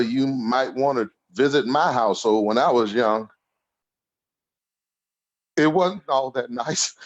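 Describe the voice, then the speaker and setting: A man's voice: medium pitch, lo-fi sound. Laughing storyteller in his sixties. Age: 60s. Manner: humorous, laughs through his stories. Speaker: podcast guest. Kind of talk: casual storytelling interview.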